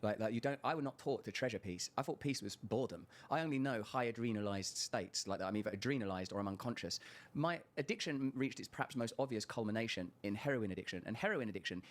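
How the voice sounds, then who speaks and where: Male guest, quick reflective talk, animated rises. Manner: reflective, animated, rising into high exclaims. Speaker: podcast guest. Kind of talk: interview conversation.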